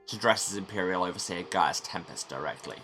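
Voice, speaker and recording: A man's voice: low-pitched, expressive, brisk, sharp tone, faint music behind. A tired man streaming a game, reading its narration aloud with dry asides. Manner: dry, self-deprecating asides. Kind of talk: playthrough narration.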